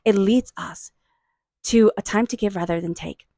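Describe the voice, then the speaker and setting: A woman giving a tarot reading, murmuring invocations to angels and spirit guides and offering warm, excited encouragement. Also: mid-range voice, normal speed, no echo. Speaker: tarot reader. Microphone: own microphone.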